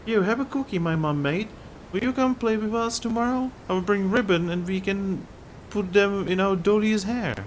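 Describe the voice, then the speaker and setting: A man's voice: sits high, normal speed, slight background noise, voice pushed up, close to an everyday voice. A man voicing a sweet, eager little girl playmate in a video game.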